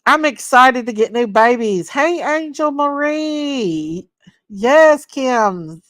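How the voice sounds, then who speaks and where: A woman hosting a casual livestream. She reads viewer comments aloud, greets people by name and gushes with excitement. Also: high voice, slow, no echo. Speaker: livestream host. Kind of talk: casual live chat reading viewer comments.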